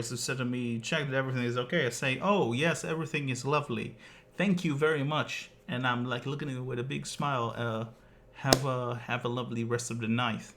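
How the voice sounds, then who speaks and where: A man streamer talks through a personal story in a casual rant. He rambles with plenty of fillers and drops the odd swear word. His voice sits at an ordinary middle pitch. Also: fairly bright tone, slight background noise.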